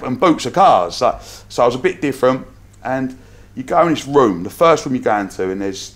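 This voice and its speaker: A man in his thirties with a London accent, a podcast guest telling anecdotes in a lively, casual way. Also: medium pitch. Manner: lively anecdotes with acted-out quotes, frequent laughs. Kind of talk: casual storytelling.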